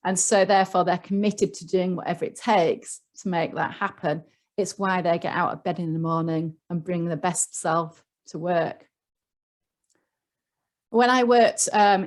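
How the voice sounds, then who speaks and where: A woman with a Yorkshire accent, speaking as a guest on a leadership panel, explaining ideas earnestly with frequent ums and small restarts. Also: on the low side. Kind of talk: online panel talk.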